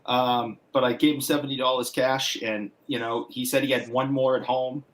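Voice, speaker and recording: A man's voice: medium pitch, fairly even intonation, normal speed. Male guest, Boston accent, meandering storyteller, casual livestream chat. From Massachusetts. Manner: rambling anecdotal storytelling with restarts.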